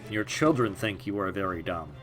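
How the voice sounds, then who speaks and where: A gaming video host with a low, slightly bright voice gives casual let's-play commentary at a normal pace. He jokes, drifts into tangents and mumbles asides, with faint music playing behind him.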